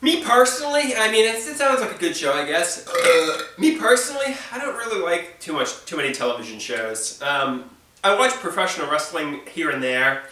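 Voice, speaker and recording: A man with a thick New York accent chats casually in a bright, rather high voice, tripping over his words as he rambles on. He sits back from the mic, and the room rings with heavy echo. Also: very animated, moderate pace, recorded from a distance. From Long Island, New York. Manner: rambling, repeats words and restarts often. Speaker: video host. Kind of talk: casual chat.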